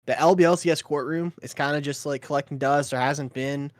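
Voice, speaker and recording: Chill esports caster guy, kinda high voice, dead dry sound, lots of ums and laughs. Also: steady tone, a little fast, dry recording. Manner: easygoing, laughs often, many fillers. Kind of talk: play-by-play commentary.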